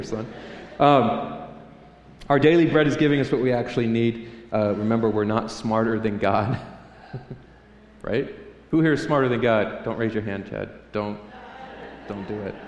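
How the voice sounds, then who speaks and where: A pastor preaches to his congregation, cracking jokes and acting out prayers in a raised voice. His fairly low voice has a darkish tone, and the echoey hall adds faint room ambience and slight background noise.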